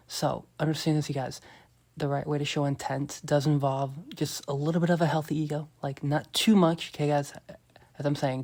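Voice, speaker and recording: With a fairly high-pitched, darkish voice, a man hosts a dating-advice podcast as a coaching monologue. Cocky and profane, he speaks emphatically, swears, repeats his points, and keeps addressing listeners as "you guys."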